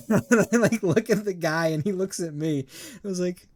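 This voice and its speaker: A young man co-hosting a podcast, telling a store customer story in excitable casual chat, laughing often. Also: high voice, moderate pace. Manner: excitable, laughing, full of "like" fillers. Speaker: podcast co-host.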